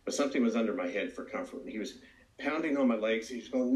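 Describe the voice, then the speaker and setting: A man's voice: on the low side, quick pace, a little mellow. A man giving an earnest, reflective personal testimony as a recovery speaker. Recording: roomy echo.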